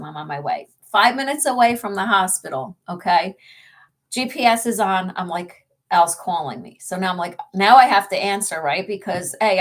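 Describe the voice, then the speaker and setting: A woman co-hosting a ghost-hunting channel, chatting in a casual vlog update, laughing often and filling her story with fillers. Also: lowish voice.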